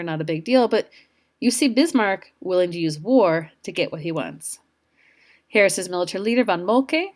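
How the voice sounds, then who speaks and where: A woman history teacher giving an informal lecture over slides, chatty, with asides to her students. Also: mid-range voice.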